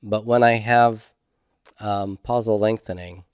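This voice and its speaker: Middle-aged man, patient classroom lecturer, unhurried, dry recording. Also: lowish voice, steady tone, clean tone, dry recording. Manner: slow, methodical, checks in with "okay?". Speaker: Hebrew instructor.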